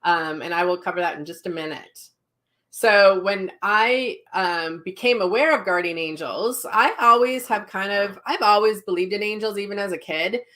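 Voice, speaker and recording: A woman's voice: medium pitch, normal speed, a bit bright. A middle-aged woman, a psychic medium, casually chatting on a live stream, telling stories and reading viewer comments aloud.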